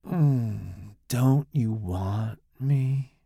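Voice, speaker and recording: A man voicing a seductive female monster in disguise, speaking in a slow, hushed, breathy way. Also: mid-range voice, dry recording, clean studio sound, full character voice. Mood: sultry, hushed.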